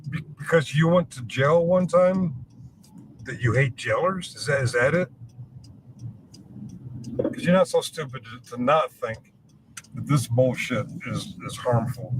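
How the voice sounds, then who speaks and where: A man's voice: medium pitch, background noise. A man ranting to the camera, arguing his point over and over with plenty of swearing. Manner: preachy, argumentative, swearing. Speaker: streamer.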